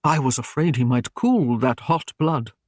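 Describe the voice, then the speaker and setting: A flattering, smooth-talking knight, voiced by a male reader who coaxes and woos, speaking a touch louder than the narration. The sound is close and dry, in a storybook telling. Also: medium pitch, a little slow, no room sound, close to an everyday voice. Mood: coaxing. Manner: coaxing, flattering.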